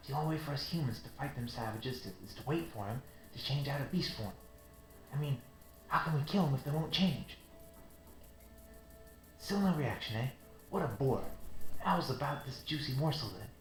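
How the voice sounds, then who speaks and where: A man's voice: mid-range voice, expressive, moderate pace, long pauses, lightly acted. A man voicing a sly, gossiping male soldier, with conspiratorial, teasing delivery, over game music in a roomy space. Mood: gossipy.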